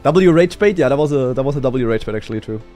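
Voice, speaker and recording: A man from Germany with a light German accent, hosting a live watch party and chatting casually through the races, swearing now and then and bursting into excited shouts. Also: mid-range voice, fast, soft background music. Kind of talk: casual live esports commentary.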